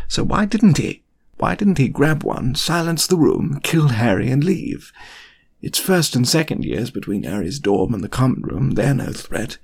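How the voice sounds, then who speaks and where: A man's voice: medium pitch, gravelly, darkish tone, breathy edge, voice pushed up. A man voicing an earnest, desperate grown wizard in an audiobook reading, speaking with urgent, pleading questions.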